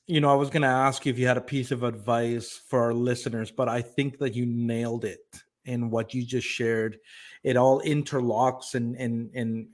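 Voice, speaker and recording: A man hosting a podcast, affirming his guest and casually asking questions. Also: medium pitch. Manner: affirming, lots of hums. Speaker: podcast host.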